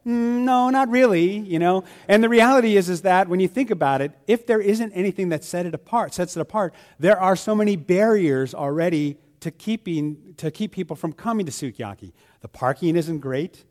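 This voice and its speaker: A man's voice: animated, a little fast, hardly any pauses, darkish tone. A man who leads a church, talking casually to his congregation and telling little stories with quoted voices. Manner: chatty storyteller, acts out quoted voices with a high pitch. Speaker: church leader. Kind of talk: informal church announcement talk.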